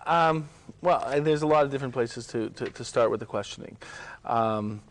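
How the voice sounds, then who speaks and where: Hesitant man, middle-pitched, many restarts. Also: moderate pace, background noise. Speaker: rabbi in discussion. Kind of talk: casual scholarly discussion.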